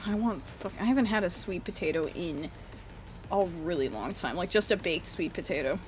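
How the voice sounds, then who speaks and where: A woman's voice: on the low side, expressive, normal speed, faint music behind. A young woman streaming from her room, chatting casually, rambling, swearing freely and cutting off words. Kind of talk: casual livestream chat while drawing.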